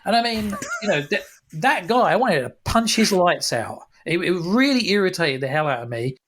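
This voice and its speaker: A man in his forties, a guest author, telling a lively anecdote in a podcast interview with some restarts. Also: sits high, moderate pace, slight background noise.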